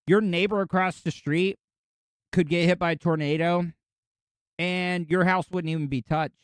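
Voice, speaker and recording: A man in his forties from Florida rambles through a solo podcast, opinionated and chatty. His voice sits a little high for a man. The sound is dry and close, with almost no room around it. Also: no echo. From Florida, USA. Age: 40s. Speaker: podcast host. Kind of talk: casual solo podcast monologue.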